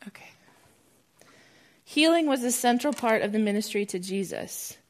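A young woman from the United States giving a testimony and teaching at church, animated and growing loud and excited as she tells the story. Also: fairly high pitch, moderate pace. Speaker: speaker sharing a testimony. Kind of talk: church testimony talk with slides.

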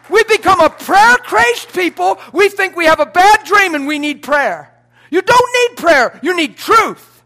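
A pastor, a man, preaching a sermon in an emphatic, blunt style with sudden shouted lines. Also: extremely high pitch, lively intonation, a little slow, gravelly.

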